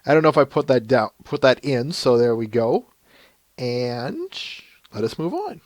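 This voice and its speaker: A man's voice: mid-range voice, sing-song, normal speed, a little mellow, dry recording. A man with a Minnesotan accent hosting a casual live-stream podcast, chatty and laughing, often restarting his sentences. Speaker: podcast host.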